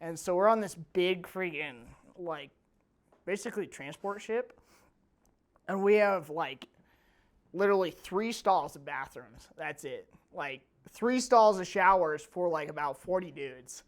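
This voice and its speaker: A man's voice: sits high, expressive, a little slow. A man in his twenties, a former Marine co-hosting a podcast, telling a story between bursts of laughter. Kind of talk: casual podcast chat.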